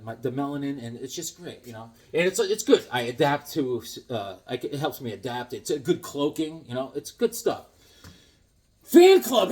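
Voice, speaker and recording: A man hosting a casual unboxing vlog, talking in an excitable, goofy, joking way. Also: mid-range voice. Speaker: comics vlogger unboxing a package.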